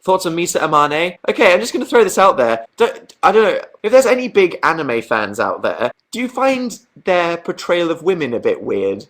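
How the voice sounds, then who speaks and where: Young man, casual livestream chat, slightly high voice, rambling and self-deprecating. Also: very animated, normal speed, few pauses, a bit bright. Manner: chatty, self-deprecating, hesitant with restarts and laughs. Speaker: YouTuber answering viewer questions on a livestream.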